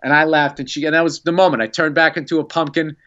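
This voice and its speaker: A man, a comedian and podcast guest, telling an animated story in casual chat and acting out the quotes. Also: a little high, fast, lo-fi sound. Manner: animated, excitable storyteller who acts out quotes.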